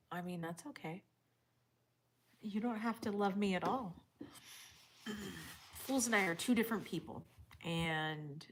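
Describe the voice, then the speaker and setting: A woman's voice: fairly low pitch, husky. A woman livestreaming casually outdoors, reading chat and talking to viewers, often dropping into whispers and bursting into laughs. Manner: chatty, drops to whispers and laughs.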